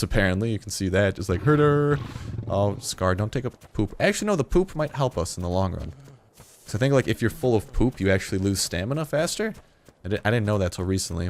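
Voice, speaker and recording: Rambling, foul-mouthed teen gamer. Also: male voice, low voice, slight background noise. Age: late teens. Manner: rambling, joking, swears a lot. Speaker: gaming video host. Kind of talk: casual gameplay commentary.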